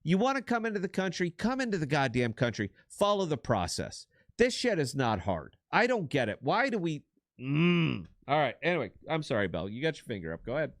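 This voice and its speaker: A man's voice: mid-range voice, very animated, a little fast, dry recording, clean studio sound. A middle-aged man co-hosting a political podcast, giving blunt, profane and emphatic commentary. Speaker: podcast co-host.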